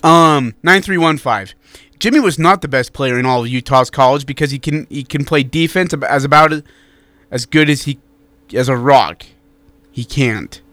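A man co-hosting a sports talk radio show, chatting in a blunt, animated way and reading out listener texts. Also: medium pitch, moderate pace, no room sound.

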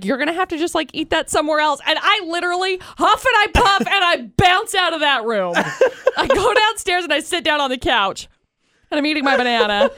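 A woman's voice: very high voice, bright, forceful tone, no echo, clean studio sound. A young woman co-hosting a morning radio show, telling a story in casual banter and laughing as she goes. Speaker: radio co-host.

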